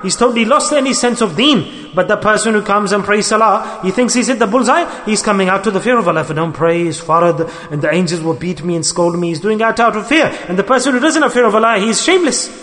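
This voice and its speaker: Male preacher, high-pitched, urgent, exhorting sermon delivery with loud peaks and soft asides, recorded with long hall reverb. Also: fast talker, hardly any pauses. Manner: earnest, exhorting, swings between loud emphasis and soft asides. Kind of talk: religious sermon.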